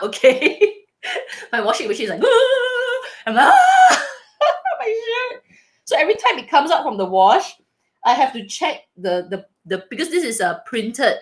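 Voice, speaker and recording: A woman hosting a casual live Q&A, chatting with viewers and reading their comments aloud. She is animated and laughs often, with frequent restarts. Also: fairly high pitch. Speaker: livestream host reading viewer chat.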